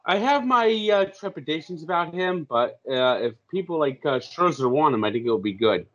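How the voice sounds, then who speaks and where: Brief: high-pitched male sports co-host, profane rants, dull lo-fi sound. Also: sing-song, normal speed. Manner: ranting, profane, loud impressions. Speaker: podcast co-host. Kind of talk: casual sports chat. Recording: dull lo-fi audio.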